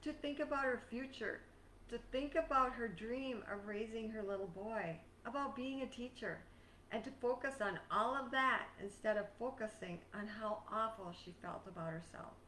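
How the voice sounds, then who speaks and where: A woman life coach giving a scripted motivational talk in an earnest, measured, emphatic way. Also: on the high side, pushed and bright, slight background noise. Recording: echoey room, distant mic.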